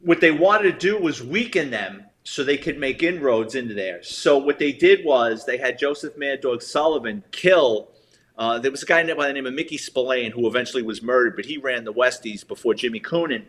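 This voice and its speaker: A middle-aged man with a New York accent from the Bronx, a retired detective telling animated stories as a guest. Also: medium pitch, a little fast. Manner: animated, lively storyteller acting out quotes. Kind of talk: casual storytelling interview.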